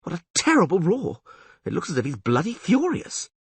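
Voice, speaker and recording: A man voicing a fretful young bard in an audiobook, shouting frantically. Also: sits high, wildly swooping pitch, moderate pace, breathy edge, no room sound, voice pushed up, heavily acted. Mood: anguished. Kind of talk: audiobook character voice.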